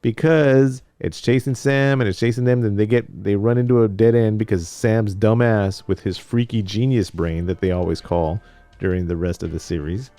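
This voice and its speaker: A man's voice: on the low side, fairly even intonation, normal speed, warm tone, no echo, soft background music. A man co-hosting a podcast, recapping a TV episode in casual chat, rambling and joking as he tells the story. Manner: rambling, jokey storyteller who acts out scenes.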